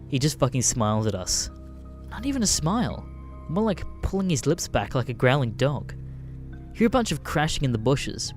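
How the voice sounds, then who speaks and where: A man's voice: mid-range voice, a little mellow. A man narrating a story in a casual, profane, wry way.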